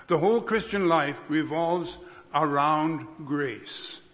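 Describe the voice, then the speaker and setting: Slow-speaking pastor in an echoing hall. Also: male voice, a little high, a bit bright. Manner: unhurried, with restarts and careful emphasis. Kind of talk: sermon. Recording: long reverb of a hall.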